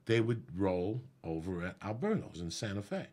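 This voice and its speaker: A middle-aged man, a comedian guest, telling a profane, animated story in casual podcast chat. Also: on the low side, moderate pace. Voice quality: gravelly, husky.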